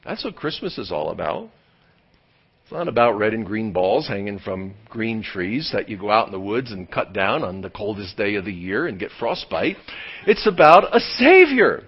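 A man preaching a sermon as pastor, swinging from loud emphatic lines to hushed near-whispers and drawing key words out slowly. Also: on the low side, big pitch swings, slightly rough. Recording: dull lo-fi sound.

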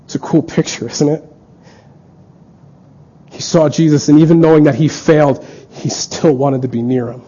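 A man's voice: fairly high pitch, moderate pace, pauses often, dark tone, slightly rough. A man preaching a sermon in an earnest way, acting out the lines of the people in his stories. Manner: earnest, acts out quoted dialogue. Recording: dull lo-fi recording.

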